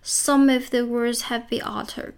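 A woman's voice: a little high, steady tone, unhurried, vocal fry, clear, resonant tone. A woman voicing a timid, polite young girl in a storybook reading, hesitant and apologetic.

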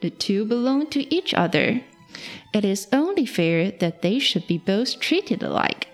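A woman's voice: medium pitch, big pitch swings, measured pace, faint music behind. A woman voicing a sly, greedy young female cook in a children's storybook reading, talking in scheming, coaxing asides.

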